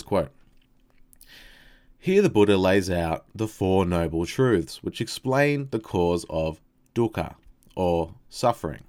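Deep-voiced Australian man explaining philosophy. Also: a little mellow. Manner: thoughtful, hesitant asides between read passages.

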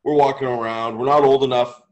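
A man's voice: medium pitch, fairly even intonation, brisk, a little mellow, dull audio. Canadian man telling a rambling story. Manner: rambling anecdotal storytelling, lots of "like". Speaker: podcast co-host. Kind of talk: casual chat.

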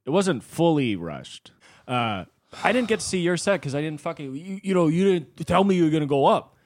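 Male comic co-host, mid pitch, very animated delivery, dry close sound. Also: dry recording. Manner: lively, animated storytelling with quick jumps in pitch. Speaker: podcast co-host, stand-up comic. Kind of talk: casual chat.

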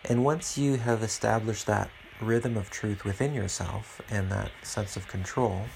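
A man's voice: fairly low pitch, unhurried, vocal fry, darkish tone, a little hiss or hum, rough recording. A man hosting a podcast alone at home, talking in an earnest, preachy and rambling way. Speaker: podcast host. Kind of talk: casual podcast monologue.

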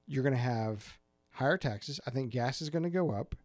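Animated male podcast co-host, dry close mic. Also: mid-range voice, moderate pace, no echo. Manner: animated storyteller, acts out voices in anecdotes. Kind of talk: casual chat.

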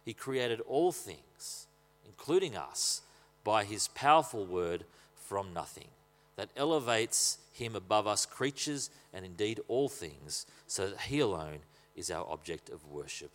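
A man's voice: lowish voice, expressive, unhurried. A man preaching a sermon in a conversational, humorous way with asides to the congregation. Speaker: pastor. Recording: long hall reverb.

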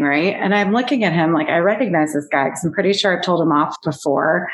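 A woman co-hosting a podcast, relaxed and chatty. She rambles through a story with lots of fillers and laughs along the way, swearing as she goes. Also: lowish voice, brisk, few pauses, poor audio. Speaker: podcast co-host. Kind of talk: casual storytelling.

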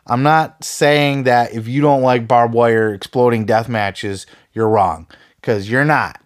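A man's voice: mid-range voice, slow. A man hosting a podcast, ranting heatedly with lots of swearing and sarcastic put-downs of his listeners. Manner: profane, heated, sarcastic mocking. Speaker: podcast host.

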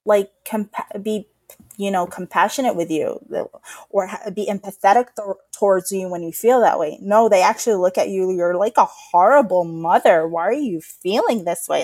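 A woman's voice: medium pitch, normal speed, a little mellow, dry recording. A woman in her thirties, co-hosting a podcast, telling her story with feeling and acting out what others said to her. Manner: emotional storytelling, acts out other people's remarks. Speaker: podcast co-host. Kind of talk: candid personal conversation.

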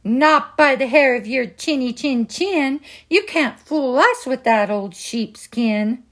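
A woman's voice: high-pitched, animated, slow pace, fairly bright tone, heavily acted. Woman doing two small defiant pigs. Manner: defiant, chanting. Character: two small timid pig brothers.

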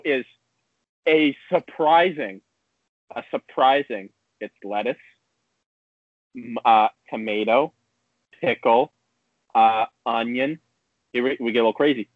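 A man's voice: medium pitch, unhurried, pauses often, no echo. A man chatting casually on a podcast, winding through a long anecdote and acting out the quoted lines in passing. His voice comes through a narrow, tinny, phone-like line with no room sound at all. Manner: rambling storyteller, acts out quotes. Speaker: podcast co-host. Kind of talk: casual chat.

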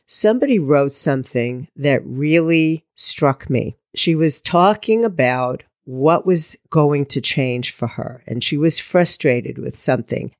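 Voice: mid-range voice, dry recording, studio quality. A podcast host speaking as a coach in an earnest, encouraging monologue, putting direct questions to the listener.

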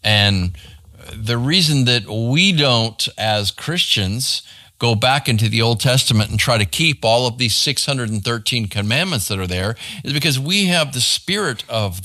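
A man's voice: mid-range voice, sharp tone. A man, a pastor, teaching a Bible study to a small group in a church room in a conversational way, often checking in with "right?".

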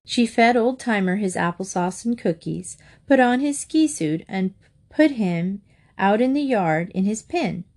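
A woman narrating a children's storybook aloud in a clear, steady storytelling manner. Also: mid-range voice, a little slow.

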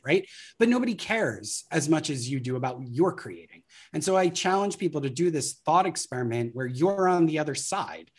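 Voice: medium pitch, animated, moderate pace, husky. A guest in an interview explaining marketing ideas through acted-out anecdotes in a casual way. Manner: anecdotal, acts out scenarios.

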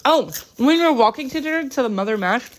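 A woman's voice: high voice, lively intonation, quick pace. A woman chatting casually about her day for a travel vlog in a hotel room, rambling with lots of "like". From United States. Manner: chatty, rambling, many "like" fillers.

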